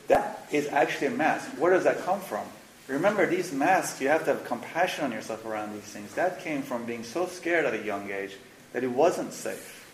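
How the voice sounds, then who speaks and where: A man's voice: mid-range voice, moderate pace. Frank man teaching in an echoey room. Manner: frank, animated, mixes slang and swearing. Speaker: spiritual teacher leading a workshop. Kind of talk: casual workshop talk. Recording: roomy echo, faint noise.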